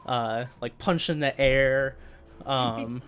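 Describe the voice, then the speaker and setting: A man's voice: medium pitch, fairly even intonation, a bit bright, smooth. A man narrating as game master of a tabletop game, filling his speech with hesitations. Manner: halting, full of fillers.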